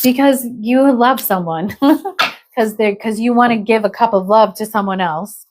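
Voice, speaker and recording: A woman's voice: on the high side, normal speed, noisy background. A woman giving a live tarot reading in a chatty, exclamatory way, often checking in with "okay?". She says she is not feeling well. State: unwell. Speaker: tarot reader.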